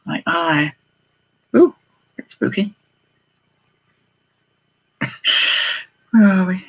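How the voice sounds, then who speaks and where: A middle-aged woman with a husky, mid-range voice talks extremely slowly while unboxing on a live haul stream as a jewellery reseller. She's chatty, exclaims often, and thinks aloud to her viewers. The recording sounds muffled.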